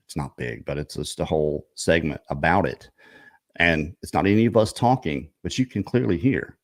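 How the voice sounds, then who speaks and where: Very deep-voiced man telling a story. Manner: rambling, with frequent restarts and throat clearing. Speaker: show host and researcher. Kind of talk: casual storytelling chat.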